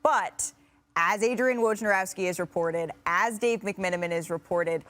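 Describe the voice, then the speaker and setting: A woman's voice: mid-range voice, moderate pace, a bit bright. A woman hosting a sports debate, composed and lightly teasing. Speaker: show host.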